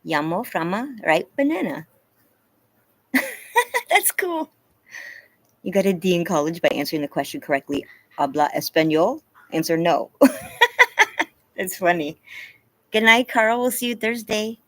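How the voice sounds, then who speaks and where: A woman's voice: mid-range voice, big pitch swings, a little slow, long pauses, fairly bright tone, dry recording, poor audio. A woman hosting a casual live stream, chatting with viewers and reading the chat aloud, laughing often. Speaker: livestream host. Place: home, yard.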